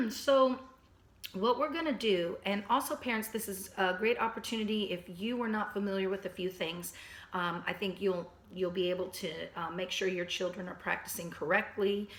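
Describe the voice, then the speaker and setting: A woman gives a piano lesson at home for children and their parents, explaining each step patiently. Her voice is slightly hoarse and she often clears her throat. She sits at mid pitch, and the room echoes around her. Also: moderate pace. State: losing her voice. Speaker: piano teacher. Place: at a piano, indoors.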